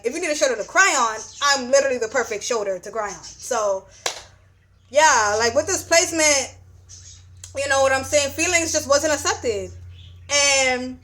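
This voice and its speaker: A woman's voice: high-pitched, a bit bright. A young woman giving a casual astrology reading, blunt and profane, often repeating "you know what I'm saying.". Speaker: astrology reader.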